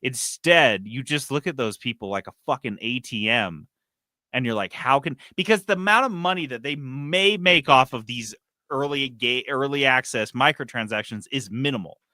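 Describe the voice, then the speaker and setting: A man co-hosting a gaming podcast, reading news and ranting in a casual, animated way with frequent swearing. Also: mid-range voice, normal speed, no room sound, studio quality. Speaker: podcast co-host.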